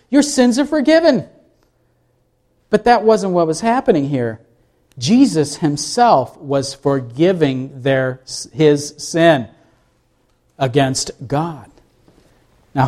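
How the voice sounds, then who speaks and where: A man's voice: a little high, a little mellow. A male pastor preaching a sermon, full of rhetorical questions and acted-out quotes.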